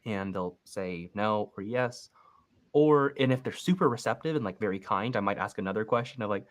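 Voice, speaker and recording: A young man with a lowish voice coaches casually over a video call. He explains his process step by step and slips into short acted lines of a phone call. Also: normal speed. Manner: relaxed, explains step by step and acts out sample phone calls. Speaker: real estate investing coach.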